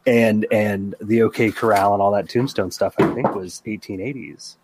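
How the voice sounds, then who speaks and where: A man's voice: fairly low pitch, steady tone, moderate pace, noisy background. A man co-hosting a casual podcast, chatty and wry, acting out his own reactions in quotes. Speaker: podcast co-host.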